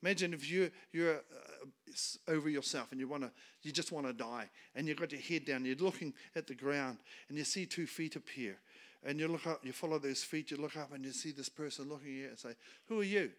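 A man preaching a sermon as a guest speaker, colloquial and emphatic, speaking in short bursts and swinging from quiet talk to loud declarations. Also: a little high, brisk.

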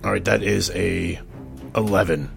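A man's voice: low voice, steady tone, unhurried, vocal fry, soft background music. A man playing a tabletop game, talking in a hesitant, stammering way. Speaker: player. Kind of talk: casual tabletop game play.

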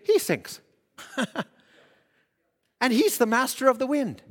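A man preaching a sermon, swinging from loud exhortation to hushed, acted-out quotes. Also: very high voice, very animated, slow pace. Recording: long hall reverb.

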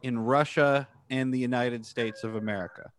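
A man's voice: mid-range voice, fairly even intonation, normal speed. A man co-hosting a casual podcast chat, joking and rambling, sometimes slipping into silly voices. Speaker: podcast co-host.

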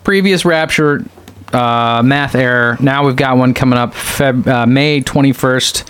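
A man's voice: mid-range voice, a bit bright, smooth. A young man hosting a talk radio show, joking and teasing his co-hosts in casual banter. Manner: joking, teasing, quick asides.

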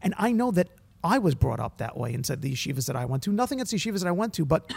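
A man's voice: a little high, big pitch swings, racing, vocal fry, darkish tone, breathy edge. A man speaking as a guest in a casual podcast conversation, thoughtful and a little hesitant, with many ums.

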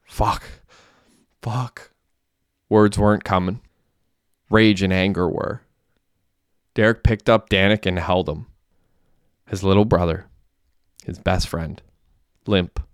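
A man reading a crime story aloud in a plain, steady way. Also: low-pitched, slow pace, pauses often, clean tone, no echo, clean studio sound. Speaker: narrator. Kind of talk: audiobook narration.

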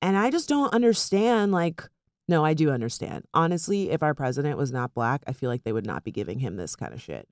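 A woman's voice: deep voice, big pitch swings, a little fast, darkish tone, no room sound, clean studio sound. A woman chatting casually and animatedly about politics, sarcastic and full of fillers.

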